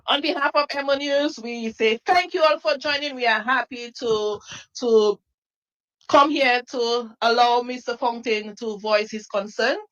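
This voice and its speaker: A woman's voice: on the high side, unhurried, fairly bright tone, lo-fi sound. Polite woman field reporter. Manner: polite, formal sign-off phrasing. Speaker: news reporter. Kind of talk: field news interview.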